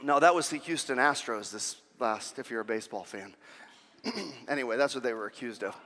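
A male pastor preaching a sermon, swinging between loud, urgent passages and quiet, intimate asides. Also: medium pitch, fairly quick, big-room sound.

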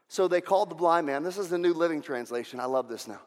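High-voiced fervent preacher in a reverberant hall. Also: male voice, animated, fast talker. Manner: fervent, repeats phrases for emphasis. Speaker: pastor. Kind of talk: sermon. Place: church sanctuary. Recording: long reverb of a large hall.

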